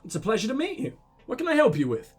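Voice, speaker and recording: A man reading the lines of a soft-spoken young widow in his own voice. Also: very high-pitched, wildly swooping pitch, quick pace, husky, faint music behind, pitched above the performer's own voice, full character voice. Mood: polite. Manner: plain dialogue-reading.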